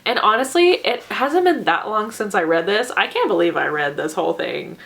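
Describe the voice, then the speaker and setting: A woman's voice: mid-range voice, expressive, moderate pace, vocal fry, fairly bright tone. A woman reviewing books in a casual vlog, ranting in an exaggerated way and laughing often. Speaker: book reviewer.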